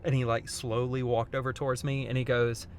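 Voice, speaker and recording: A young father, a Christian vlogger, talks earnestly and heartfelt about faith in a personal devotional vlog, often restarting his sentences. His medium-pitched voice is flat and fairly quick, with a little hiss or hum in the background.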